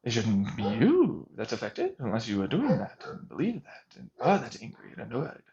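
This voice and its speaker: A man's voice: mid-range voice, huge pitch swings, normal speed, creaky, mellow, slight background noise. A man vlogging an intense monologue, agitated and sarcastic as he rants. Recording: dull lo-fi recording.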